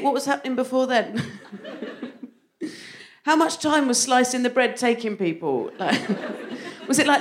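A woman's voice: fairly high pitch, a little hiss or hum. A woman performing live stand-up comedy on a theatre stage, playful and self-mocking, often laughing through her lines. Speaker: comedian, co-host.

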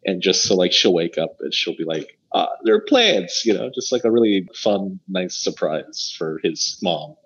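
Deep, husky man with wry asides. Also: normal speed, hardly any pauses. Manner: relaxed, amused, wry asides. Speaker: book podcast co-host. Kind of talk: casual book discussion. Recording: dull lo-fi audio.

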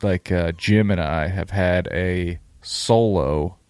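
A man's voice: low voice, takes it slowly, a little mellow, clear, resonant tone, dry recording. A man co-hosting a casual podcast chat, blunt and swearing freely. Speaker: podcast co-host.

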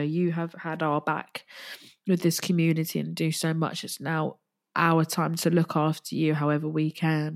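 A woman hosting a podcast, talking haltingly and tearfully in a personal monologue, with restarts and soft sighs. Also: low voice. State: tearful, crying at times. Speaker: podcast host.

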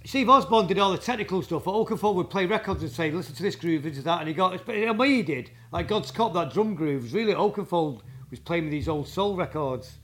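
A man, a guest drummer telling rambling, halting anecdotes in a casual interview. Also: sits high, animated, a bit bright. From England.

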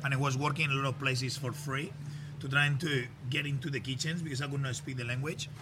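A man's voice: medium pitch, fairly even intonation, fast. Blunt Spanish man with Scottish-tinged English. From Spain. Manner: blunt, interrupting, joking. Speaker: podcast guest, chef. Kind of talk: casual chat. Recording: background noise.

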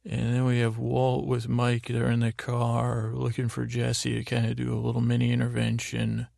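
A man hosting a sleep podcast, slowly recapping a TV episode in a meandering way, with frequent ums and restarts. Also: mid-range voice, monotone, vocal fry, a little mellow, no room sound, studio quality. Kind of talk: rambling bedtime recap of a TV episode.

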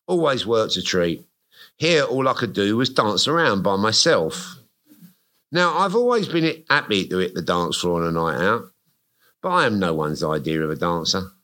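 On a live music venue stage, a guest author with a fairly low, sharp voice reads his memoir aloud to the audience. His delivery is wry, self-mocking, and comic.

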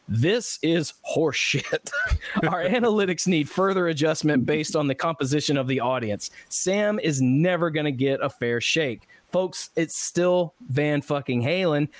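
A man's voice: a little high, no echo. A man hosting a podcast, chatting casually and reading out listener comments with frequent laughs and fillers. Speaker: podcast host.

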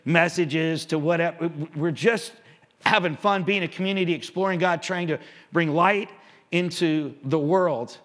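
A man preaching a sermon in a conversational, animated way, asking the congregation rhetorical questions. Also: a little high. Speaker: pastor.

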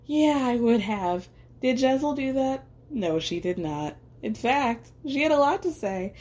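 A woman's voice: high-pitched, very animated, a little slow, a little mellow. A woman hosting a podcast, recapping a reality show in casual commentary. She talks chattily, says "like" a lot, asks rhetorical questions and laughs often. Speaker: podcast host.

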